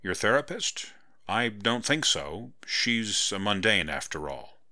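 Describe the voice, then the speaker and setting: A man playing an older male professor who speaks calmly and measuredly, kindly but with an iron firmness. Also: fairly low pitch, a little slow, no room sound, clean studio sound, full character voice.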